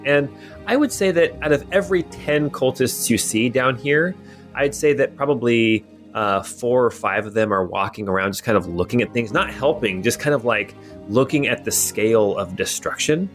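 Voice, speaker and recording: A man narrating a tabletop role-playing game as game master, describing scenes loosely with many fillers. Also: mid-range voice.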